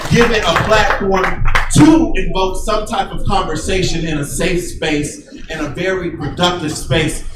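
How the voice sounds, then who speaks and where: A man's voice: sits high, fairly even intonation, normal speed, heavy background noise. A man gives an unprepared, emotional acceptance speech as an award-winning stage actor, laughing and rambling as he thanks people. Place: theater hall before a live audience. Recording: echoey hall, distant mic, loud crowd.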